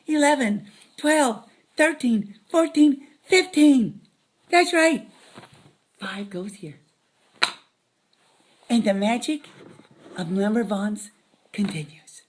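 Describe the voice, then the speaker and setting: A woman's voice: high voice, expressive, slow, pauses often. A woman giving a playful math lesson to children, dropping silly jokes as she counts. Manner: silly, joking asides.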